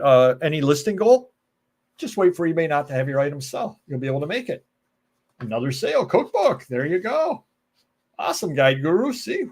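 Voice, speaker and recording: An American man hosting a live stream alone, chatting casually, joking, going off on tangents and answering viewer comments. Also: mid-range voice. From United States. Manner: rambling, joking, goes off on tangents. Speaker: live show host.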